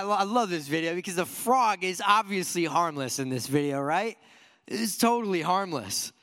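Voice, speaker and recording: A man's voice: high voice, a bit bright, in a large hall. A man preaching a sermon to a church congregation in an earnest, conversational way, asking his listeners many rhetorical questions. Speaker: pastor.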